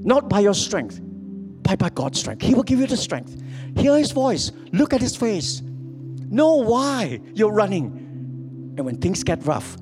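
A man preaching a sermon as pastor, swinging from loud calls to quiet, low lines.

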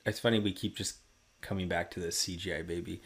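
Man, lowish voice, measured, analytical, podcast discussion. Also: fairly even intonation, a bit bright. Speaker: podcast co-host. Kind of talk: casual film discussion.

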